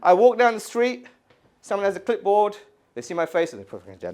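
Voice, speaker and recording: A man in his thirties from the UK doing an animated stand-up set in a gallery, acting out voices and screaming kids. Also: high voice, brisk, over a noisy crowd. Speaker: stand-up comedian. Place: art gallery before a live audience. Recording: live room with audience laughter.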